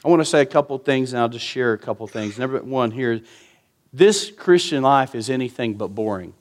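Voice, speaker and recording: A man's voice: medium pitch, lively intonation, brisk. A man, preaching a sermon in an earnest, conversational way with emphatic repetition. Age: 50s. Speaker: pastor.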